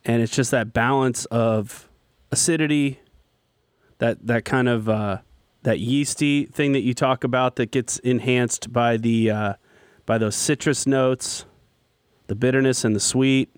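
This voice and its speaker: A man's voice: medium pitch, steady tone, a little slow, smooth, no echo. Upbeat male host in dry close sound. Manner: enthusiastic, jokey, leads the segments. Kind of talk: casual chat.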